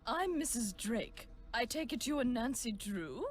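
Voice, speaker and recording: A woman's voice: fairly high pitch, animated, unhurried, music in the background. An actress voicing a stern, dismissive older aunt in a mystery game, her speech clipped and brusque.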